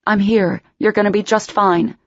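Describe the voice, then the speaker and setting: A woman voicing a caring young woman who speaks higher, urgent and pleading. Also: steady tone, normal speed, dry recording, dull audio, close to an everyday voice. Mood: frantic, pleading.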